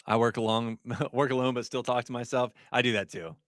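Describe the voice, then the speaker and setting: A middle-aged man hosts his livestream in a relaxed, talkative way, reading viewers' comments and laughing easily. His voice sits at an ordinary pitch for a man. It is recorded close and dry, with no room echo. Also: brisk. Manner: chatty, reads chat aloud, laughs often. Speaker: livestream host, ER nurse. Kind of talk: casual livestream chat.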